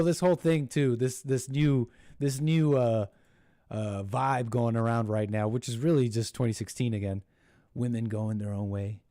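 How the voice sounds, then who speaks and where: An American live call-in host speaks in a mid-range voice with a dark tone, captured as clean, echo-free studio sound. His monologue wanders and ridicules, complete with put-on voices for quoted figures, and he falters often, restarting and laughing.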